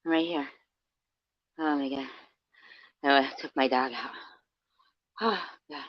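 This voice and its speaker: A woman talks casually to her stream audience, laughing often and swearing freely. Her voice sits low and she speaks slowly. The audio is dull and dry, with no room sound. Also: no echo. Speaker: livestreamer. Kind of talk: casual livestream chat.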